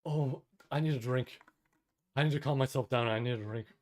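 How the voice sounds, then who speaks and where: Guy on a reading stream totally losing it, cursing, near tears, mid pitch. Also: a little fast. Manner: overwhelmed, swearing, emotional outbursts; loud bursts of excitement. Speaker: streamer reading a light novel aloud. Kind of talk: live reading and reaction stream.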